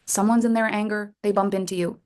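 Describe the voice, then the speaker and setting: A woman coaching members of her program on a group call, talking in a lively, playful way and acting out little scenes. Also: medium pitch, brisk, slight background noise. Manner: lively, playful, acts out voices. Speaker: coach leading a women's program.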